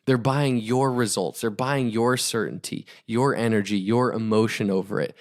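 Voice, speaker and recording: A man's voice: lowish voice, fairly even intonation, normal speed. Fervent, emphatic male podcast co-host. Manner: emphatic, fervent, repeats phrases for punch. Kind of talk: motivational podcast talk.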